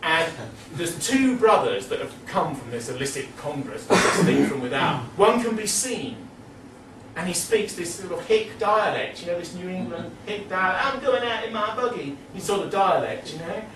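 A man's voice: fairly high pitch, moderate pace, noisy background. Rambling man talking in an echoey room. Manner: rambling, animated, laughing asides. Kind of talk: casual lecture-style literary talk. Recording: roomy, distant mic, faint ambience.

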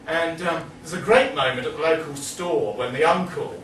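A man's voice: fairly high pitch, normal speed, fairly bright tone, far from the mic, slight background noise. A man giving a rambling, amused talk about a story, with plenty of hesitations, recorded away from the mic in an echoey room. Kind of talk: casual lecture talk.

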